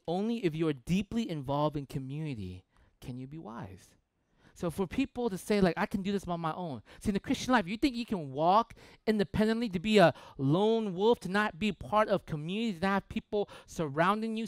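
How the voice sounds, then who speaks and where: A young man preaching a sermon as pastor, animated and playful, acting out the voices of people he quotes. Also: high-pitched, moderate pace, dry recording.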